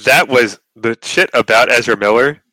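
Bright-toned man stammering through a rant. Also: medium pitch, normal speed, dry recording, poor audio. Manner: stammering restarts, repeats words; profane, exasperated rants. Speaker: podcast co-host. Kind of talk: casual chat.

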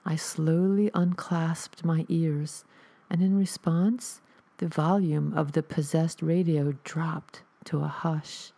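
Low gravelly woman narrating horror. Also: fairly even intonation, slow, dark tone. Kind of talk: scripted horror story narration.

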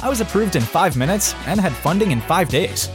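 A man's voice: high voice, sing-song, a little fast. A man voicing a cheerful homeowner in an upbeat radio ad, with music behind.

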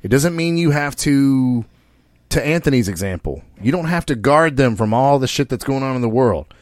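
A man's voice: medium pitch, expressive, normal speed, darkish tone, dry recording, studio quality. A man hosting a podcast, talking casually in a brash, profane and preachy way, often speaking straight to the listeners. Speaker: podcast host.

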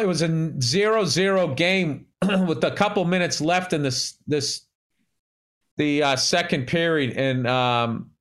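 A man with a slightly high voice talks sports on a casual chat show. He rants in a lively, loose way, swearing freely as he tells his stories. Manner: animated, profane sports rant. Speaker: podcast co-host.

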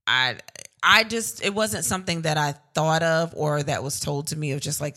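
A woman's voice: sits low, moderate pace, bright, forceful tone. A young woman co-hosting a podcast, talking candidly in casual chat with lots of fillers. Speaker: podcast co-host.

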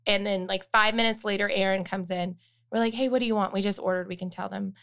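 A young woman in casual chat, telling a story with lively acted-out quotes. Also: medium pitch, quick pace, vocal fry. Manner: animated storyteller, acts out quotes.

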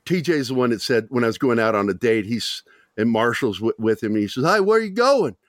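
A man's voice: on the low side, quick pace, dry recording, clean studio sound. A man hosting a podcast, telling rambling, profane stories in casual chat and laughing often. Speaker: podcast host.

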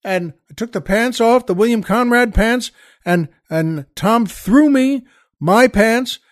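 Brief: high-pitched male comedian, animated storyteller, dips to a hush and then bursts louder, dry close sound. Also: slow, dry recording. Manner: animated, acts out quoted voices, shifts between hushed and loud. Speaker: comedian telling a backstage story. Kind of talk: storytelling anecdote.

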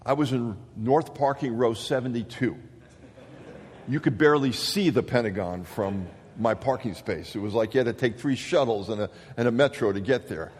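A man in his late fifties giving a sermon as an animated storyteller, acting out the people he quotes. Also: mid-range voice, moderate pace. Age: 50s. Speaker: speaker. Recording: long reverb of a hall.

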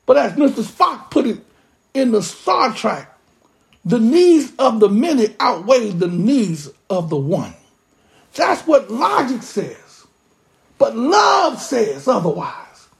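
A pastor preaching a sermon with impassioned, drawn-out emphasis. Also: mid-range voice, big pitch swings, gravelly.

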